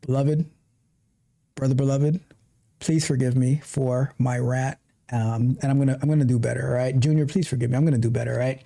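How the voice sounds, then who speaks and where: A man's voice: medium pitch, fairly even intonation, a little fast, creaky, warm tone. A middle-aged man hosting a casual tech livestream, talking passionately in a ranting way with many restarts. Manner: passionate, ranting, self-interrupting. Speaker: tech coach and livestream host.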